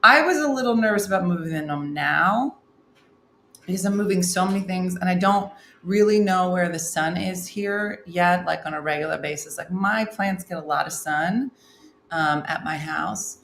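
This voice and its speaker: A middle-aged woman with a slightly low voice hosts a chatty morning stream, tossing off wry asides as she reads comments. She sounds like she's in a roomy space with a clear echo. A faint hum of room noise sits underneath. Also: normal speed, fairly bright tone. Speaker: morning show host reading viewer comments. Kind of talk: casual live-stream chat. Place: room at home.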